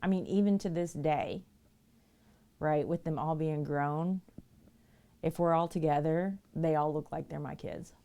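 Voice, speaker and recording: A middle-aged woman with a lowish voice spins a story for her stream viewers in an unhurried, drawn-out way. She is chatty and breaks into laughter often as she talks. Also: gravelly, mellow. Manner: chatty, laughs often while telling stories. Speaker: livestream painter.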